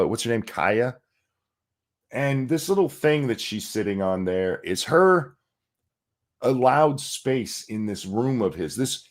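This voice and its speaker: A man's voice: medium pitch, a little mellow. A man hosting a podcast, ranting and telling stories in a casual, profane, exasperated way. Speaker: podcast host.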